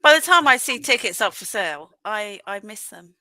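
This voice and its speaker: A woman chatting on a live stream, chiming in with brief remarks and quick laughs. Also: mid-range voice, lively intonation, bright, forceful tone. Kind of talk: casual chat on a live stream.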